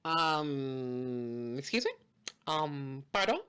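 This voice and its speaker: Brief: a woman as a sassy, outraged diner, big pitch swings, drawn-out delivery. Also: animated, a bit bright, smooth, heavily acted. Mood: indignant. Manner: sassy, exasperated, laughing.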